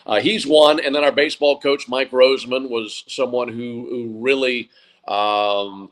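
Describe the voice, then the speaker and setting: A man in his forties who works as a sports broadcaster, answering interview questions at length. He speaks at an average pitch and thinks aloud as he goes, full of small restarts and fillers. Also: fairly even intonation, a little slow, rough recording. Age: 40s. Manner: thoughtful, with many fillers and restarts.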